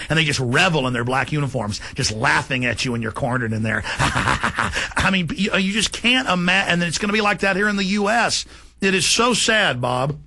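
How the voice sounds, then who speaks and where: A man's voice: a little high, animated. A man hosting a talk radio show, speaking in an indignant, emphatic way. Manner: forceful, indignant, fast and emphatic. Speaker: radio host.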